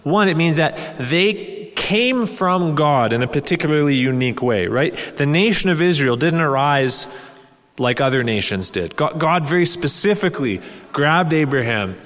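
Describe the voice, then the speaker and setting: A man's voice: a little high, expressive, moderate pace, fairly bright tone. A man preaching a sermon in an earnest teaching tone, reading scripture aloud with rising emphasis. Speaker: pastor. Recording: long hall reverb.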